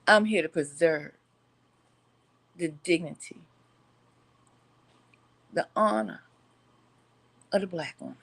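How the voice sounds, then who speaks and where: Lively woman vlogging with preacher cadence. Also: deep voice, slow pace, long pauses. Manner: animated, laughs often, preacher-like cadence. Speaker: channel host. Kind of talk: casual vlog talk to viewers.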